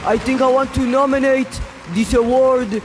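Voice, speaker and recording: A man putting on a mock award winner giving a thank-you speech in a gushing falsetto. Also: fairly even intonation, normal speed, faint music behind.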